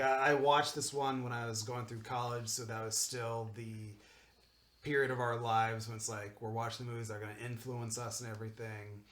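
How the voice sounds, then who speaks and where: A man's voice: mid-range voice, a bit bright. A man co-hosting a casual podcast, rambling through his explanations with lots of "like". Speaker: podcast co-host. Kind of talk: casual group chat. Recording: roomy echo.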